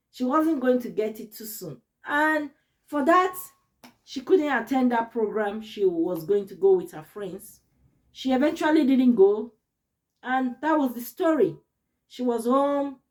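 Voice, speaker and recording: A woman vlogger telling a personal story to camera in an expressive, earnest, emotional way. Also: on the high side, a little slow.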